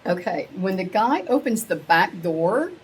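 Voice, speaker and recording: A middle-aged woman telling a rambling, excitable story to a small live group, acting out the quotes with big jumps in her voice. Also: on the low side, a little slow, breathy edge, low-quality recording. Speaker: meetup attendee sharing a story. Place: women's meetup gathering, audience laughing.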